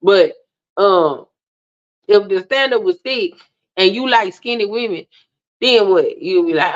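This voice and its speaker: Outspoken woman host, casual swearing rant to a live chat; medium pitch, dull low-fi stream sound. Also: lively intonation, measured pace, long pauses. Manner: outspoken, blunt, swears freely, rises to indignant peaks. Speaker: livestream host.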